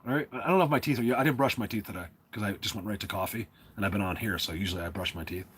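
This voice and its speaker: Husky, rambling man on a livestream. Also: fairly low pitch, racing, a bit bright. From New Jersey. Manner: rambling, filler-heavy, self-interrupting. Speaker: livestream host. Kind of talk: casual livestream chat.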